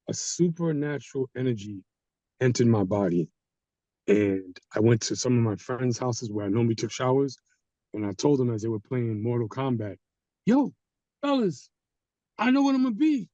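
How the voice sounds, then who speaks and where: A man's voice: medium pitch, no room sound, highs cut off. A man telling a personal story in casual talk, acting out the people he quotes. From Haitian community. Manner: animated, acts out quoted people. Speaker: guest storyteller. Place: studio.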